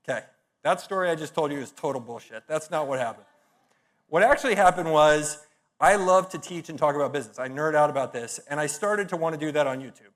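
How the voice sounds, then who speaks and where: A man's voice: on the high side, fairly bright tone. A middle-aged man giving a conference talk, telling stories in a punchy, blunt way with profane, self-mocking humor. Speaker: conference speaker.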